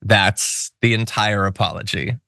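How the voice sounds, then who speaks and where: A male news host with a bright, forceful voice, giving wry, sarcastic political commentary. The studio sound is dry and close, with no room echo. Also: on the low side, measured pace, creaky.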